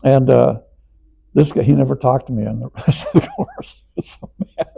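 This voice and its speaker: An older man being interviewed, rambling through anecdotes with frequent chuckles, his voice gravelly. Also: mid-range voice, huge pitch swings, moderate pace, dark tone, slight background noise, low-quality recording. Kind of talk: anecdotal storytelling.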